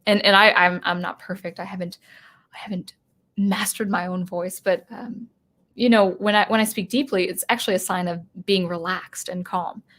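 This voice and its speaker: A woman hosting a live-stream commentary, answering chat and thinking aloud with halting restarts. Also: on the low side, fairly even intonation, a bit bright. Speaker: channel host and teacher.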